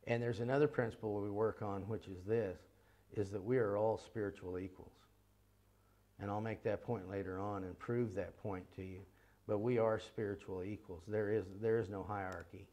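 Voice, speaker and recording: Low-voiced man teaching an earnest seminar. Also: steady tone, dark tone. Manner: earnest, emphatic, repeats key phrases; rhetorical questions in quick runs.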